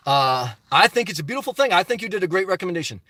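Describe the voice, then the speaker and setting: A man's voice: high voice, big pitch swings, racing, sharp tone, dry recording. A middle-aged man hosting a live stream, reading viewer comments aloud and answering them in passionate, ranting casual talk. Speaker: livestream host. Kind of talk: casual live-chat reply.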